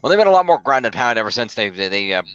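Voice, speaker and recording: Bright-voiced man recapping wrestling. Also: medium pitch, sing-song, racing, clear, resonant tone, lo-fi sound. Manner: recaps results, fillers and restarts. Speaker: podcast co-host. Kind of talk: casual wrestling recap chat.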